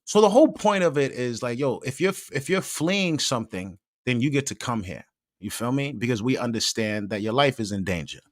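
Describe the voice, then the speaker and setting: A man's voice: mid-range voice, fairly quick, no echo, studio quality. A man hosting a live show, giving casual, slangy commentary and getting worked up as he talks. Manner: animated, slangy, restarts and fillers. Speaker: podcast host.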